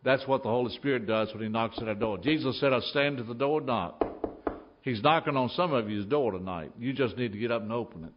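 A man's voice: mid-range voice, fast talker, few pauses, lo-fi sound, slight background noise. A man preaching a sermon in a church, telling stories emphatically and acting out the scenes. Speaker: pastor.

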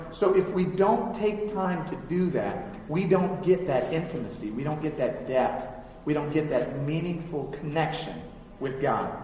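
A man in his thirties preaches in a relaxed, conversational way, often putting questions to the congregation. His voice sits a little high for a man. The sound is a long, echoing hall reverb, picked up from some distance, with faint room ambience. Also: a little hiss or hum. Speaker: pastor. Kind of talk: sermon. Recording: echoey hall, mic from far off.

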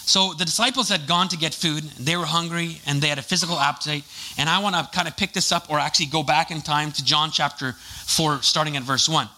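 A man's voice: on the high side, fairly even intonation, brisk, bright, forceful tone, poor audio. A man preaching a casual, conversational sermon, full of jokey asides and fillers.

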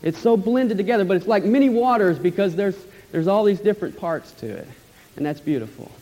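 High-voiced pastor preaching in a reverberant hall. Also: male voice, lively intonation, fairly quick. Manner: enthusiastic, emphatic repetition, trailing off softly at phrase ends. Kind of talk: expository sermon. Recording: long hall reverb, dull lo-fi sound.

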